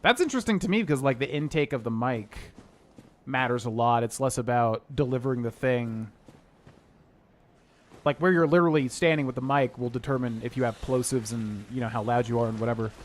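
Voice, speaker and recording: A man's voice: mid-range voice, brisk. A man casually chatting and rambling while he streams a video game, with plenty of "like" and "um".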